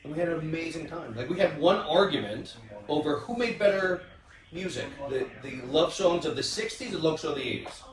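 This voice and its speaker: A man hosting a casual round-table chat, telling stories in an animated way with many restarts and fillers. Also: a little high, a little fast, roomy sound, far from the mic. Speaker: podcast host.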